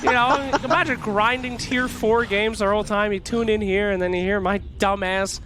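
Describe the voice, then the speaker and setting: Irreverent play-by-play esports caster, live commentary on a headset, mid-pitched voice, noisy hiss behind. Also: fairly even intonation, normal speed. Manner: joking, irreverent. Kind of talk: live game commentary with banter.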